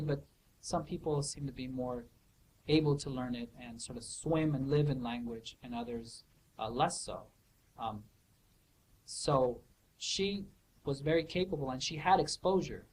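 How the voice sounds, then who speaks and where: A man's voice: medium pitch, a little mellow, a little hiss or hum, rough recording. A man answering student questions in a casual academic way, thoughtful and hesitant, with many fillers and restarts. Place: office hour recording.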